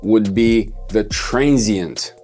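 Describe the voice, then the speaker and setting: A man's voice: fairly low pitch, extremely slow, a little mellow, faint music behind. A man teaching songwriting in a loose, rambling way, correcting himself and thinking aloud as he goes. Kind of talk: loose explanatory lesson.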